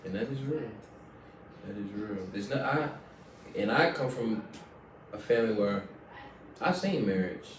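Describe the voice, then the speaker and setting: Earnest lower-voiced man hosting a podcast. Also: expressive, measured pace, long pauses. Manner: earnest, affirming, repeats phrases. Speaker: podcast host. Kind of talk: casual faith chat. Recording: roomy sound, mic at a distance, faint noise.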